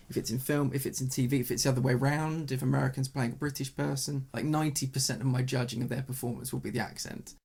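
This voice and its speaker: A man with a gravelly, husky voice co-hosts a casual podcast chat about TV. He rambles through exasperated complaints at a middling pitch. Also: darkish tone. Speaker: podcast co-host. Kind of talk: casual chat reviewing TV shows.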